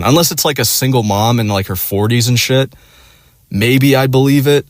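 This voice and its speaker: A man's voice: mid-range voice, moderate pace, no room sound, studio quality. A man telling a story in casual chat, swearing constantly and padding with "like" and "you know," acting out his friends' lines. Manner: profane, rambling, full of "like" and "you know"; animated, acts out friends in quoted voices.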